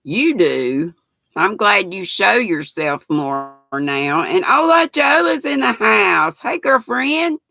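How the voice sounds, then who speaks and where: A woman's voice: mid-range voice, big pitch swings, slow, creaky, bright, forceful tone. A woman in her sixties with a Southern American accent, hosting a casual livestream and chatting folksily as she reads viewer comments aloud. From North Carolina, US. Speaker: livestream host.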